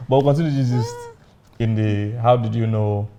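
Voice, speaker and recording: A man's voice: medium pitch, normal speed, mellow. A man, a pastor and co-host, chiming in with playful, teasing remarks. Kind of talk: casual chat.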